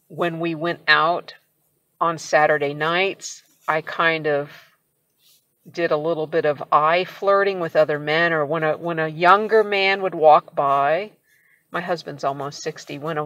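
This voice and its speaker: A woman's voice: low voice, fairly bright tone, no room sound, muffled recording. A middle-aged woman telling her own story in a casual, candid way, with a wry tone and frequent laughter. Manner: candid, wry, laughs often while recounting. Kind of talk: casual personal storytelling to camera.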